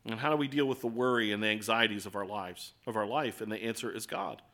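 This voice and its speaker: A man's voice: on the low side, fast talker, pushed and bright. A man with an American accent preaching a sermon in an earnest, conversational way, full of rhetorical questions. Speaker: pastor.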